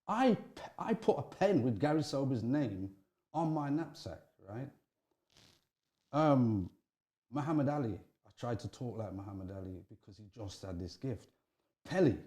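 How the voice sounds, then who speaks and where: At a moderate pace, a middle-aged man tells an interviewer frank stories from when he was young. He restarts often, and his pitch moves around with plenty of animation.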